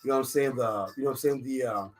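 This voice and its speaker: A medium-pitched, rapid-fire male voice belongs to an African man with a French accent hosting a live radio talk show from a studio. He chats casually and rambles, dropping "you know what I'm saying" and other fillers into nearly every line, sounding confident and jokey. It's captured on a studio microphone.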